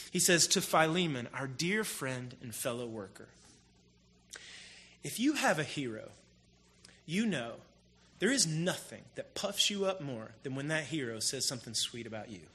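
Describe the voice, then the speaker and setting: A man preaching a sermon in a casual, storytelling way, with animated emphasis. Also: on the high side. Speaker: pastor. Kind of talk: conversational sermon.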